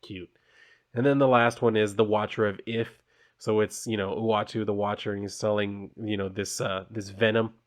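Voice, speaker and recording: A man's voice: lowish voice, little pitch movement, normal speed. A man casually summarizing and reviewing a comic issue, talking in a loose, offhand, informal way.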